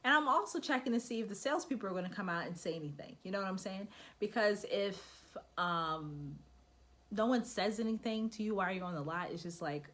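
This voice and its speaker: A woman's voice: medium pitch, expressive, fairly quick, a bit bright. A young woman talking casually in a vlog, giving advice and acting out little bits of dialogue. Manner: chatty, acts out quoted dialogue. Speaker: vlogger.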